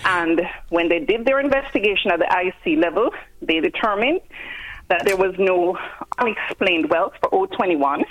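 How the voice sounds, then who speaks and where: A Jamaican woman, a guest commentator in a phone-in news interview, explaining things step by step with pauses. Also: on the low side, expressive, highs cut off, a little hiss or hum.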